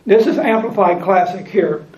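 A man's voice: high-pitched, expressive, normal speed, a little mellow. A man preaching a sermon, reading scripture aloud and repeating lines for emphasis. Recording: echoey room, dull lo-fi sound.

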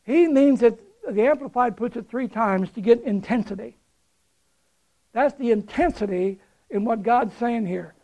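A man's voice: very high-pitched, a little slow, a little mellow, poor audio. A male pastor preaching a sermon with fervor, repeating phrases for emphasis and closing in prayer.

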